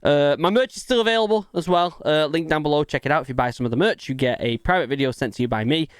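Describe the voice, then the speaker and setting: A man's voice: fairly high pitch, quick pace, clean tone, dry recording. A young man hosting a reaction video, chatting casually and musing aloud with filler words.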